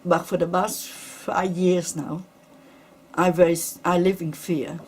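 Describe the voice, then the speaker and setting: A middle-aged woman speaking in halting, non-native English, giving earnest and shaken testimony in an interview. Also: fairly low pitch, little pitch movement, a little mellow, husky. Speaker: interviewee, attack survivor. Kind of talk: emotional personal testimony.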